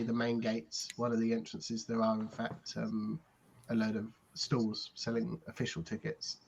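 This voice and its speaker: A man narrating a tabletop game as game master, relaxed and rambling with many fillers. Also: medium pitch, creaky, slight background noise.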